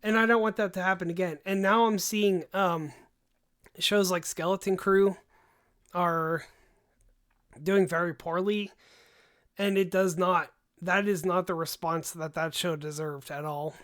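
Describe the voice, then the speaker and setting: A young man hosting a casual livestream, rambling and animated, with frequent sighs and asides, his voice tiring from long talk. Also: sits high, measured pace. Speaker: host.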